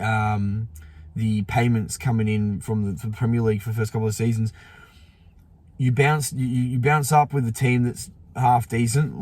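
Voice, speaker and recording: A man with a medium-pitched, slightly mellow voice hosts a fan channel, chatting casually about football outdoors in the morning sun. He sounds sleepy and yawns, with many fillers and restarts.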